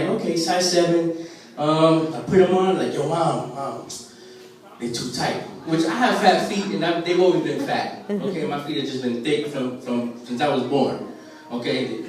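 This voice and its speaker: Storytelling comic man in an echoey room. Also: on the high side. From Puerto Rican family in the US. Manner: loose storytelling with many fillers, acts out voices. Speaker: stand-up comedian. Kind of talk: stand-up comedy set. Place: open mic at a restaurant stage. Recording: very echoey room, voice far from camera.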